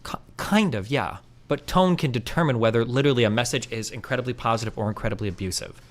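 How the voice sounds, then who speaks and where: A man's voice: mid-range voice, fast talker. A man in a heated debate, blunt and sarcastic, swearing and cutting in. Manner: blunt, sarcastic, profane, interrupting. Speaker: debate streamer.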